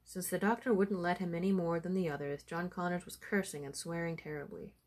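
A woman reading a folk tale aloud with a steady storytelling delivery. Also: lowish voice, fairly quick.

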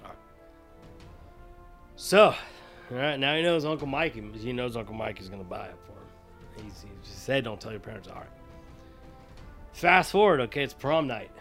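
A man's voice: mid-range voice, expressive, normal speed, long pauses, fairly bright tone, soft background music. A man hosting a podcast, telling a long digressive comic story full of profanity. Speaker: podcast host.

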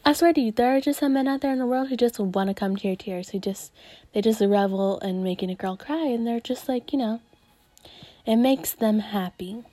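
A woman's voice: on the high side, a little fast, warm tone, no echo. A woman hosting a podcast, ranting in a crude, profane, casual way, full of groans and disgusted sighs. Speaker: podcast host.

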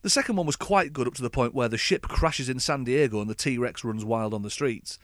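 A man delivers a scripted comic rant with a sardonic edge, his voice sitting at an ordinary middle pitch. The recording is close and dry, with no room sound around him. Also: fairly quick, a bit bright, dry recording. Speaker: podcast host.

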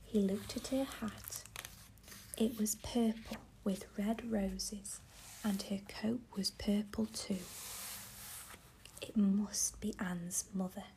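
A woman reading a children's story aloud in a slow, gentle whisper. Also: medium pitch, steady tone, slight background noise.

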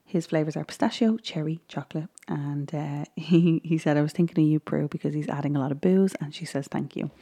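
A woman talks in a loose, rambling vlog chat, full of ums and small laughs. Her voice sits a little low and sounds very dark and mellow, with a gravelly fry running through it. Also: fairly quick, hardly any pauses. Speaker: vlogger recapping a baking show. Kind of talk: casual chat.

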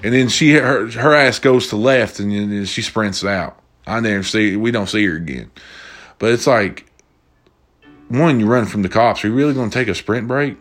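A man's voice: on the low side, normal speed, faint music behind. A young man ranting through casual stories, profane and exasperated. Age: young adult. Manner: profane, exasperated, animated retelling. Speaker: storyteller. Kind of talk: casual storytelling rant.

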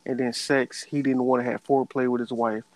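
A man in casual chat, arguing his point in a quick back-and-forth. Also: mid-range voice, level tone, no room sound, low-quality recording.

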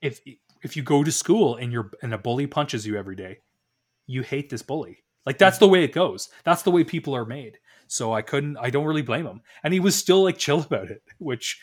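A man's voice: mid-range voice, brisk. Man, podcast co-host, chatty storyteller, acts out dialogue. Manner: rambling anecdotal storytelling with many restarts and animated quoted dialogue. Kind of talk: casual podcast chat.

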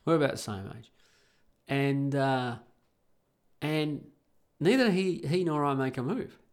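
An Australian man hosting a podcast from home in Perth delivers a casual storytelling monologue that is blunt, crude and rambling, with many restarts. His mid-range voice is animated, yet he doesn't hurry.

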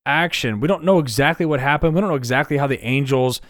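A man's voice: medium pitch, fast, fairly bright tone, no echo, studio quality. A man co-hosting a podcast Bible study, reading verses aloud and explaining them. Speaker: co-host. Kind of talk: conversational Bible study discussion.

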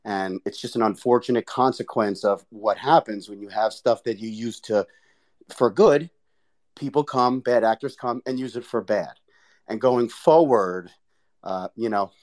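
A man's voice: medium pitch, darkish tone. A man speaking as a guest on a casual panel discussion, earnest and cautionary.

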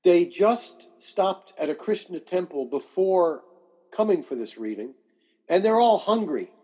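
A man being interviewed as a guest astrologer and author, telling animated anecdotes and acting out the quotes. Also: sits high, a little slow, breathy edge. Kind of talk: conversational storytelling.

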